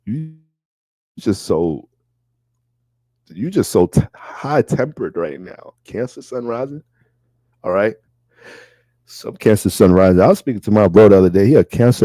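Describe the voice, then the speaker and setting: A man giving a casual astrology reading, talking in a loose, profane and animated way. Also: on the low side, no echo.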